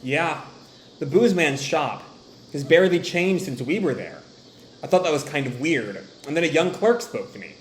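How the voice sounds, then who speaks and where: A man's voice: fairly high pitch, expressive, moderate pace, roomy sound, a little hiss or hum, lightly acted. A man voicing a brash, loyal young masked man from a manga, reading his lines aloud in a reaction video. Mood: reflective.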